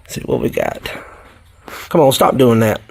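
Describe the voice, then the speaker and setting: A man's voice: mid-range voice, huge pitch swings, moderate pace, vocal fry. A man with a Southern US accent, chatting folksily to viewers in a rambling, casual way while tending his worm bins in a shed. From South Carolina, US. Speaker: worm farmer vlogger. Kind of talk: casual vlog chat while working. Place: garden shed.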